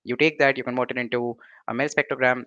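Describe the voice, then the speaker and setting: A man's voice: mid-range voice, flat delivery, bright, forceful tone, dry recording, muffled recording. A young man with an Indian accent, giving an online lecture, full of fillers and restarts and often checking in with "right?". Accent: Indian English. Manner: halting, many fillers and restarts, ending points with "right?". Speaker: presenter.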